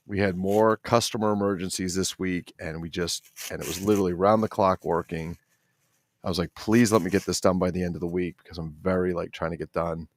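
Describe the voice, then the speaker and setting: A man's voice: sits low, dry recording, studio quality. A middle-aged man hosting a casual toy-collector livestream, rambling and swearing while he reads the chat.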